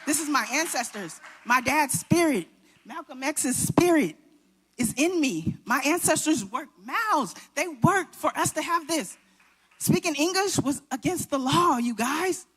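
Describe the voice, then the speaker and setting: A woman's voice: high voice, lively intonation, unhurried, fairly bright tone. Shaky, nervous woman giving a speech. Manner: nervous, shaky, heartfelt, talks to the crowd directly. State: shaking. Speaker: award recipient giving a speech. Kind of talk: emotional acceptance speech.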